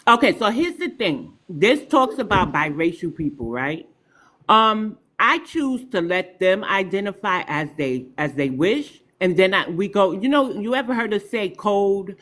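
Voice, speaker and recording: A middle-aged woman, a podcast guest who talks emphatically and tells stories with big swings in pitch. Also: sing-song, a little slow, fairly bright tone. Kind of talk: podcast discussion.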